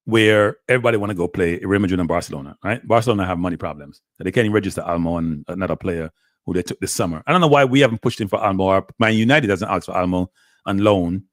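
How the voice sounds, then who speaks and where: A man hosting a casual football talk show, asking animated rhetorical questions and talking with Jamaican-tinged phrasing. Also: fairly low pitch, dry recording, studio quality. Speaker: show host.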